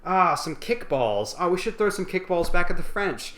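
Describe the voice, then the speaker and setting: A man's voice: sits high, very animated, normal speed, a bit bright, reverberant, pitched above the performer's own voice. A man voicing an unflappable male artillery captain who stays breezy and unbothered in the middle of a battle.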